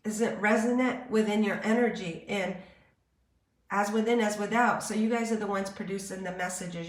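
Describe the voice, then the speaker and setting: A woman's voice: medium pitch, a bit bright. Woman channeling in an echoey room. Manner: slow, searching, meditative delivery with pauses. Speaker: spiritual channeler. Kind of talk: live-streamed channeled message.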